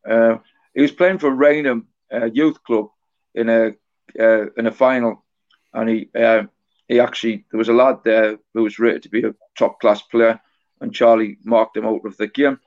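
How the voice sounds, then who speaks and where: On a casual podcast, a middle-aged author sits in as a guest and haltingly shares anecdotes from memory. He speaks low in a flat, level tone that barely rises or falls, over slightly dull, lo-fi audio.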